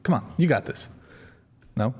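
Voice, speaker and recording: A man hosting a live dating debate show, teasing and goading his guests. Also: moderate pace. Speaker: host.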